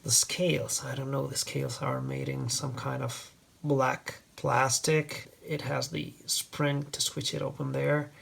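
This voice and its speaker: A man's voice: medium pitch, flat delivery, unhurried, creaky, a bit bright. A man from Italy, hosting a casual product review in a wry, rambling, digressive way. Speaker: host.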